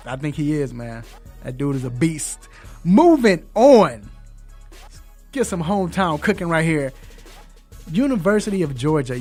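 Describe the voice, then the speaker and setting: A man hosting a casual sports talk show, animated and laughing, with loose slangy banter. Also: on the high side. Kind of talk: casual sports commentary chat.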